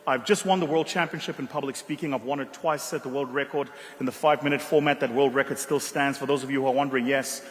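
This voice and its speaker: A man from South Africa giving a motivational keynote speech, telling stories with dramatic pauses and quiet emotional passages. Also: mid-range voice, fairly even intonation. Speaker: keynote speaker. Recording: reverberant hall.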